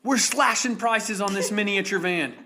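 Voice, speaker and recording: Man doing a shrill pushy commercial pitchman, loud, hammy, bright. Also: moderate pace, vocal fry, exaggerated voice. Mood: hyped. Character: pushy homemade-commercial salesman, adult man, hyped.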